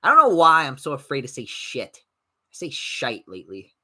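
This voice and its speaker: Podcast host, young guy, lively pitch, bright voice, blunt and profane rambling. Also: normal speed. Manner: blunt, profane, animated, mocks others in put-on voices. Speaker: podcast host reading live chat. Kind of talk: casual rambling chat.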